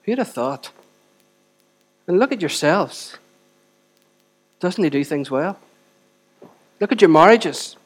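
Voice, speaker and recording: A man preaching a sermon to a church congregation, swinging between loud exhortation and quiet, close moments, and often asking the audience rhetorical questions. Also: sits high, animated, slow pace, pauses often, husky. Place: church service.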